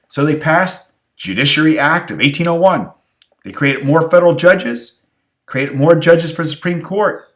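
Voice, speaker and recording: A man's voice: a little high, normal speed. Tired teacher guy running a history review, keeps repeating stuff, asks questions. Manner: lively, rhetorical questions, repeats key phrases. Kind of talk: recorded exam review lecture.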